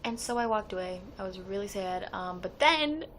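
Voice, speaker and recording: A woman's voice: mid-range voice, moderate pace, slight background noise. Chatty young woman telling a fan story. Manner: chatty and excitable, quoting others with "like". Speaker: fan vlogger. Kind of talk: casual storytelling vlog.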